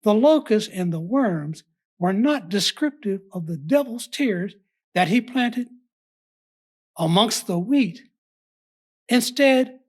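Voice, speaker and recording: A woman delivering a scripted Bible study sermon in a measured, emphatic, formal way. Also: medium pitch, breathy edge. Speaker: preacher.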